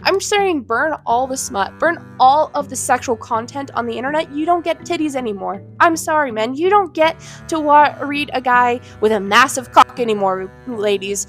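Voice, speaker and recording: A woman's voice: sits high, animated, normal speed, few pauses, a bit bright. A woman in her twenties giving a heated, indignant rant to camera, blunt and swearing. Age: 20s. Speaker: vlogger. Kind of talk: ranting commentary to camera. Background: faint background music.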